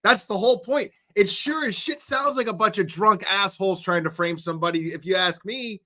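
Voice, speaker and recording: A man's voice: sits high, fairly quick, few pauses, bright, forceful tone. A man giving casual reaction commentary, rambling, sarcastic and heavy on swearing. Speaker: reaction streamer.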